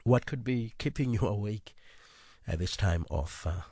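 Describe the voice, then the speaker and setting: A man presenting a late-night radio music show in a chatty, easygoing way, with filler pauses. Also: lowish voice, expressive, dark tone, husky, dry recording, studio quality.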